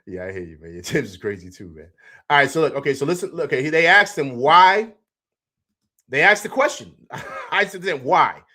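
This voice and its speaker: A man's voice: on the high side, animated, fairly quick, pushed and bright. Chatty man hosting a live sports show. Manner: loose, chatty, repeats himself, laughs often; reads out chat comments. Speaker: sports talk show host. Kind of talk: casual live-stream reaction talk.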